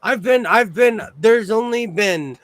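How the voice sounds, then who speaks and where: Male host, fairly high voice, lively anecdotes, dry recording. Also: dry recording. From Los Angeles. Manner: animated storyteller, quick asides and laughs. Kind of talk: casual chat.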